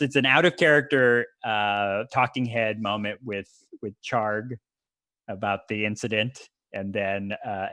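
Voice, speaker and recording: Bright-voiced laughing male game master. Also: fairly low pitch, no echo. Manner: laughing, breaks into shouted character voices. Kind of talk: narrating a tabletop wrestling game.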